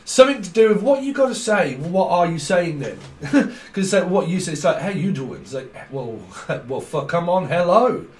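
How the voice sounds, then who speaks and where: A man's voice: sits high, very animated, normal speed, echoey room. A man giving a casual tarot reading, playful and rambling, breaking into laughs often. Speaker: tarot reader.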